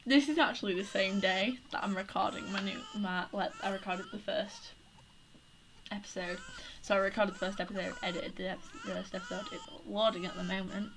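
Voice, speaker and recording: A female gaming YouTuber gives casual let's-play commentary on a life-simulation game, chatty and flustered as she scolds her characters. Her medium-pitched voice is steady and brisk, with background noise in the recording.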